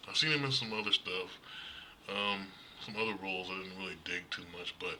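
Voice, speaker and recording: A man's voice: low-pitched, steady tone, normal speed, bright, forceful tone, slight background noise, rough recording. A man casually reviewing horror movies in a blunt, profane, rambling way, often restarting his sentences.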